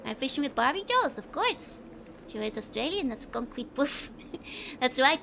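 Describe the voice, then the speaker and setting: A woman's voice: sits high, a little slow, a bit bright, a little hiss or hum. A woman with a Dutch accent, a native Dutch speaker, chatting casually with viewers while she streams a game and laughs often between remarks. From Netherlands. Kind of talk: casual let's-play chat, reading viewer comments.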